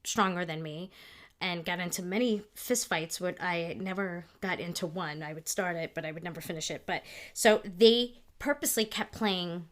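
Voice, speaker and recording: A middle-aged woman co-hosting a couples podcast, telling high school stories in an animated way and laughing along. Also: normal speed. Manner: animated, laughs through her own stories. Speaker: podcast co-host. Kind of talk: casual storytelling chat.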